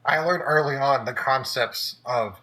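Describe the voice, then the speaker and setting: A man telling childhood stories in casual chat, animated and swearing, acting out the voices of people he quotes. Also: mid-range voice, unhurried, rough recording. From Texas. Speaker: podcast co-host. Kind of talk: casual storytelling.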